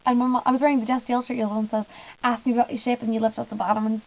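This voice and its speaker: Young female vlogger, higher voice, excitable and giggly storytelling, dull home recording. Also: rapid-fire. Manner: gushing, giggly, lots of "I was just like". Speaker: fan vlogger. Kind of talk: casual storytelling vlog.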